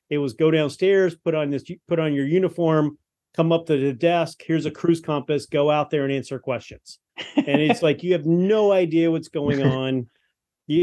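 A man's voice: fairly high pitch, a little mellow. A man in his fifties from Texas, a guest telling stories in a casual interview chat, rambling with frequent restarts over a video call. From Texas, USA. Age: 50s.

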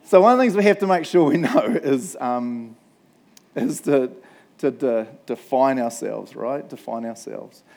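A middle-aged man with a New Zealand accent preaches in a chatty, storytelling way, dropping jokes and tagging his points with "right?". His voice sits a little higher than most men's. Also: unhurried, darkish tone. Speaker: pastor. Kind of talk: casual sermon storytelling.

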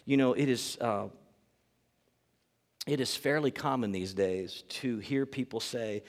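A man's voice: medium pitch, unhurried, pauses often, long reverb tail. A man preaching a sermon as pastor, earnest and emphatic, repeating key phrases for weight.

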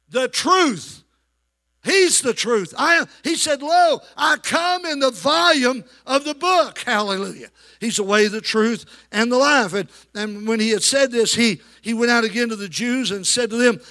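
Very high-pitched and sharp in tone, a man preaches a sermon in church as its pastor. He repeatedly asks the congregation for amens, trading call-and-response with them.

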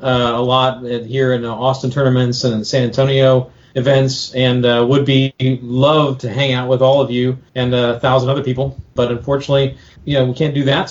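A man's voice: mid-range voice, flat delivery, moderate pace. A man on a podcast as a trivia contestant, chatting in a friendly, easygoing way. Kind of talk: casual chat. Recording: dull lo-fi remote audio.

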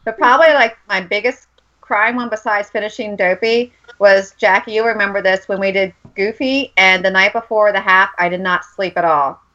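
A woman co-hosting a running podcast, telling stories in an animated, giggly way. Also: medium pitch, moderate pace. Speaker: podcast co-host. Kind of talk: casual chat. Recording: dull lo-fi podcast audio.

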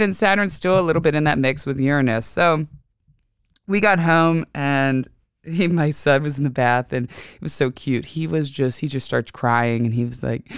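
Chatty woman with a smooth, crisp voice. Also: deep voice, moderate pace, no echo, studio quality. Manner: chatty, animated storytelling with lively voiced quotes. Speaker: astrology podcast host. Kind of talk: casual monologue.

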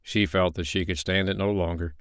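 A man reading a children's animal story aloud in a lively, expressive way. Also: low-pitched, a little fast, smooth, no echo, studio quality. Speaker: narrator.

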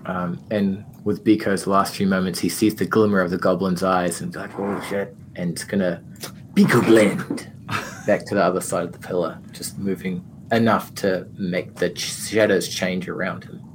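Low-voiced guy playing a rogue in a tabletop game, really animated, noisy background. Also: normal speed. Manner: animated, jumping into squeaky bits for his character. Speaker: player. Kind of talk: casual tabletop play.

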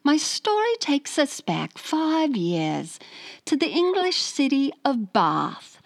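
A man's letter read aloud in a hammy mock-British accent, as a woman puts him on. The lilting voice swings freely in pitch and takes its time, and the room sounds dry and close. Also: wildly swooping pitch, slow pace, vocal fry, no echo, full character voice. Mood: storytelling. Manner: storytelling, hammy put-on accent.

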